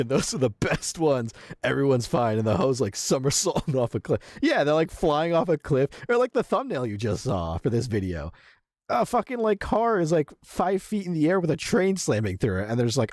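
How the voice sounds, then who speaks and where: A young man streaming, giving casual reaction commentary, excitable and profane, laughing often. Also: mid-range voice, brisk, no room sound, studio quality.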